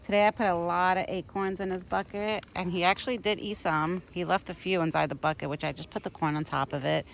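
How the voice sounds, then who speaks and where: A woman's voice: lowish voice, fairly even intonation, a little fast, creaky, slight background noise. Chatty woman outdoors among crickets. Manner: chatty, coos sweet baby talk at the deer. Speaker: vlogger feeding a wild deer. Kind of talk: casual chat. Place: outdoors in a yard at dusk. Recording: outdoor phone recording, crickets. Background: crickets and insects.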